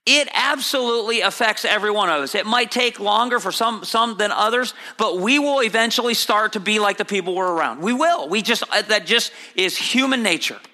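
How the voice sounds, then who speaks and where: A bright, forceful male preacher with a gravelly edge delivers an emphatic sermon, repeating key phrases and climbing high when he stresses a point. His voice rings out with a long reverb, as in a large church sanctuary. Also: lively intonation, a little fast, hardly any pauses. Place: church sanctuary, broadcast on air.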